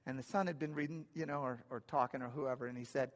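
A man's voice: medium pitch, fairly even intonation, quick pace. A man preaching a sermon, telling stories in a conversational way with dry humor. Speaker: pastor. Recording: long hall reverb.

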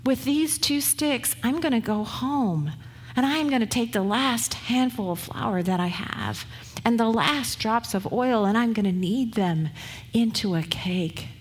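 A woman preacher voicing a desperate, weary widow in a retold scripture story, with a slightly husky tone. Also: fairly high pitch, a little slow. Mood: despairing.

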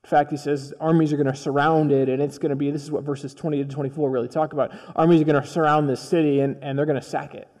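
A male pastor gives a conversational, storytelling sermon and slips into acted dialogue along the way. His voice sits a little high but sounds dark and mellow. A long hall reverb trails behind every phrase. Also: flat delivery, quick pace, few pauses.

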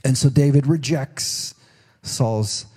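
A man's voice: mid-range voice, takes it slowly, mellow, breathy edge. A middle-aged man preaching a sermon in a folksy, conversational way, often restarting his sentences. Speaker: pastor.

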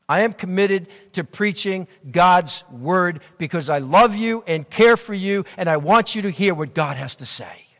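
A high-voiced, slightly bright male pastor preaches a sermon in a church sanctuary, his earnest delivery rising and falling. The hall's long reverb carries through the recording.

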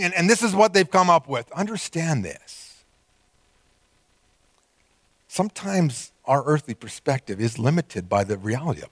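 Pastor guy preaching, super animated, voice jumps all over, dry close sound. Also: fairly high pitch, no echo. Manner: animated, acts out quoted voices, laughs often. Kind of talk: sermon.

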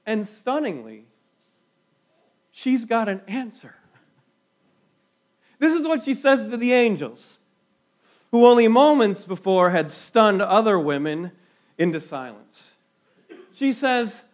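Slow, emphatic high-voiced preacher man. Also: lively intonation. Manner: slow, emphatic preaching with dramatic pauses and sudden quiet drops. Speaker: pastor. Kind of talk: sermon.

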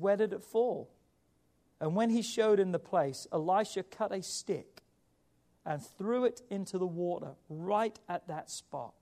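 A man preaching a sermon as pastor, with emphatic rises and quiet drops. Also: fairly high pitch.

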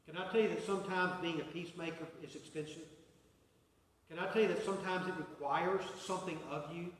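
High-voiced preacher in an echoey hall. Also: male voice. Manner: earnest, repetitive preaching cadence. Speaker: pastor. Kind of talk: sermon. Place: church sanctuary. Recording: echoey hall, mic far off.

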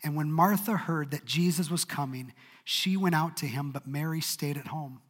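Bright-voiced preaching man, hall reverb. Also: on the high side, normal speed, breathy edge. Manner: expressive, dramatic preaching. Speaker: pastor. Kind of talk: sermon.

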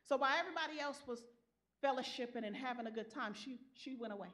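A woman preacher delivering an impassioned sermon, swinging from soft, low passages to loud, rising calls. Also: fast talker.

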